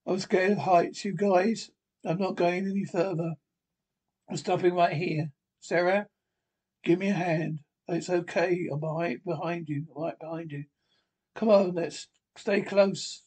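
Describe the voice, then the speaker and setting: Male solo reader, raised pitch and a breathy edge, performs every part of a tense script with urgency. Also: fairly even intonation, measured pace, a little mellow. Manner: urgent, acts out every character himself. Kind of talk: one-man reading of a film script.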